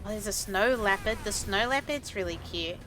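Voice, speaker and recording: A woman's voice: medium pitch, moderate pace, over music. A woman streamer chatting casually and swearing freely while she plays a game.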